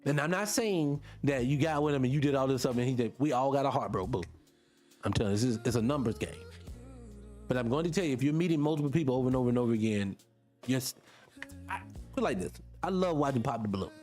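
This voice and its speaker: A man's voice: medium pitch, animated, fast talker, a little mellow, soft background music. Blunt preachy radio host, man. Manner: blunt, preachy, addresses listeners directly. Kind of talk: casual morning radio talk.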